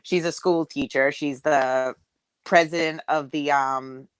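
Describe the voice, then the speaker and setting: A middle-aged woman from Massachusetts hosts a casual group live chat over video call, telling stories as a lively joker who laughs often. Her voice sits low and resonant, clear and slow-paced, with no room sound.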